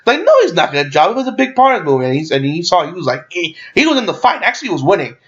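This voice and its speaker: This is a young man recapping a movie in a loose, rambling way, excitable and quick to swear, tripping over fillers and restarts. His voice sits a bit high for a man, and the recording sounds dull and lo-fi, like a cheap home mic. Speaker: movie reviewer.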